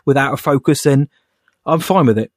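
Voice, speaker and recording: A man co-hosting a podcast, chatting and telling stories in a relaxed way. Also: medium pitch, normal speed, no echo, clean studio sound. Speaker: podcast co-host. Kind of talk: casual chat.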